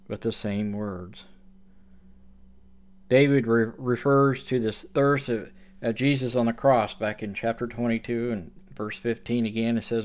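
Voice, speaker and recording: A man preaching a sermon, reading scripture aloud and explaining it with slow, deliberate emphasis. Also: mid-range voice.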